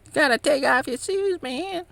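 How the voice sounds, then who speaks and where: A man voicing an angry male monk, scolding in a high, squeaky, shouted voice. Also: normal speed, creaky, no room sound, exaggerated voice.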